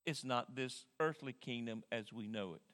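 A male pastor preaching a sermon in an animated way, often repeating words as he thinks. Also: medium pitch, moderate pace. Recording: long hall reverb.

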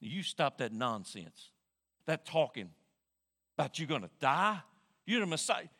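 Brash burly fisherman, bossy and blunt, as a male preacher puts him on, bright voice in a long echoing hall. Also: a little high, very animated, a little slow, voice pushed down, full character voice. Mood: demanding. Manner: blunt, demanding, scolding.

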